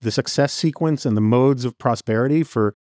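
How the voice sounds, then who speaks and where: A man's voice: medium pitch, brisk, darkish tone, no echo. Man, podcast guest, earnest, long run-on sentences, dry studio sound. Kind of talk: conversational commentary.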